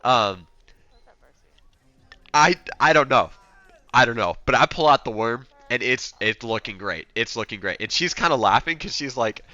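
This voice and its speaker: A man's voice: medium pitch, moderate pace, no room sound, muffled recording. A young man telling a story in a loose, rambling way, acting out what people said. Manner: rambling, animated, acts out quotes. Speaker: streamer. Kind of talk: casual storytelling.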